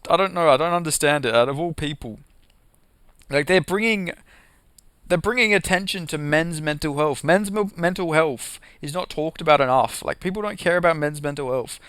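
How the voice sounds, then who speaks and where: A man's voice: fairly high pitch, moderate pace, a bit bright, smooth, no room sound. A young man doing a casual, profanity-heavy rant about MMA, heated and sarcastic, with lots of "like" and "you know". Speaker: MMA commentary vlogger.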